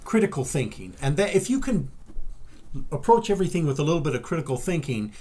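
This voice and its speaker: Husky-voiced male podcast co-host. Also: a little high, sing-song, quick pace, a little mellow. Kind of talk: casual chat.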